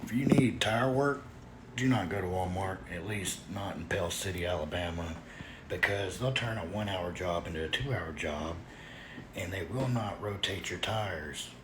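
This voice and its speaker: A man with a very low voice warns people away with restrained anger. He is audibly upset and trying to calm himself. Steady background noise sits clearly behind him. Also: moderate pace. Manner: warning others, restrained anger.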